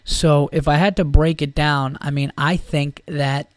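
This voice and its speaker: A man's voice: on the high side, fairly even intonation, a little slow, no echo. A man hosting a podcast, ranting about football in a heated, profane, rambling way. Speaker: podcast host. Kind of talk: casual sports rant.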